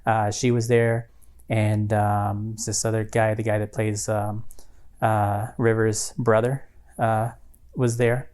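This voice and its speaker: A man's voice: lowish voice, little pitch movement, takes it slowly, a little mellow, smooth. A man co-hosting a podcast, telling a story in casual chat, rambling with many fillers and restarts. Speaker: podcast co-host.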